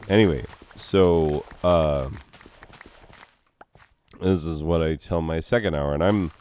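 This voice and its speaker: Man, very low voice, slow, emotional, grieving, reflective monologue. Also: a little mellow, smooth. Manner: reflective, philosophical musing. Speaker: teacher. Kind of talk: casual spoken monologue.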